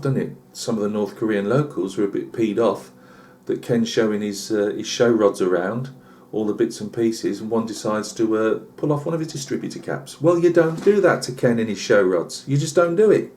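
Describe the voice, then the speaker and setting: A man's voice: fairly low pitch, moderate pace, a little mellow, a little hiss or hum. A British man telling a rambling comic tall tale on his channel, full of asides and fillers. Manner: chatty, lots of asides and fillers. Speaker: channel host.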